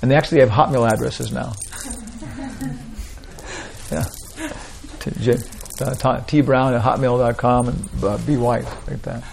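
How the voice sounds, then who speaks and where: A man with a gravelly, creaky voice leads an informal spiritual talk for a small group. He rambles, circles back, and tacks "like that, you know" onto his points. His pitch sits in an ordinary middle range. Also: steady tone, measured pace, long pauses, darkish tone, a little hiss or hum. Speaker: spiritual teacher.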